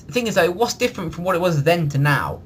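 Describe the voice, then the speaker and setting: A man's voice: sits high, expressive, quick pace, a bit bright, slight background noise. Opinionated man chatting casually. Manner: chatty, opinionated, restarts often. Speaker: podcast co-host. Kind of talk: casual chat.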